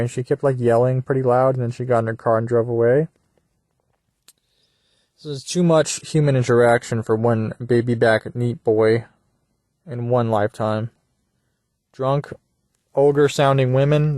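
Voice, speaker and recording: A man's voice: mid-range voice, dark tone, no room sound. A young man talking in a rambling solo monologue, meandering and crude, often trailing off into mumbles. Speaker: podcaster. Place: at work during a shift.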